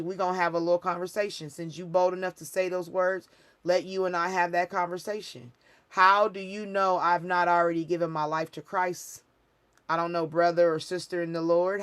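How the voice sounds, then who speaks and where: Woman, livestream host, casual talk, emphatic, rambling, preachy. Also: fairly low pitch. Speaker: spiritual reader and livestream host.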